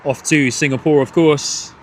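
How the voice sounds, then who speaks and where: A man hosting a live plane-spotting stream from a hotel above the runway, excitedly calling out departures and greeting viewers. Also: on the high side, a little slow, slight background noise. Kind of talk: live commentary. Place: hotel third floor overlooking an airport runway.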